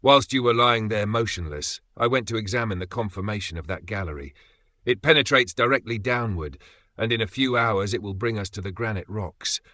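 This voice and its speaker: A man's voice: fairly low pitch, bright, forceful tone, dry recording. A man voicing a fiery, stubborn old professor. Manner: commanding, scornful. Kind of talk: audiobook character voice.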